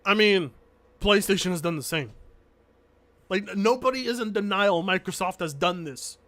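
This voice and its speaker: Man, high voice, bright tone, streamer commentary, emphatic and repetitive, casual swearing. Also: expressive, normal speed. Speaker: streamer reacting to a video.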